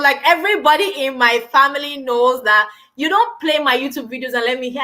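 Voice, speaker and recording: A middle-aged woman hosting a casual live stream, talking loudly and with lots of energy, on a built-in mic with no lapel mic. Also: high voice, fairly quick, hardly any pauses. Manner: loud, animated, says she is always shouting.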